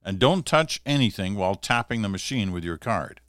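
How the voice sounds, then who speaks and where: An impatient middle-aged cab driver snaps out short, demanding lines, as a man reading a story aloud puts him on. The voice sits low and the sound is dry and close. The manner stays curt and bossy throughout. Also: animated, moderate pace, a bit bright, no room sound.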